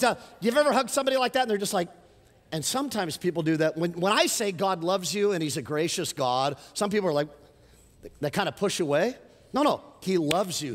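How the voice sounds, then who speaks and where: A middle-aged male pastor delivers a sermon in a slightly high voice, animated and storytelling, building to emphatic lines. His voice rings out with a long reverb from a large church hall.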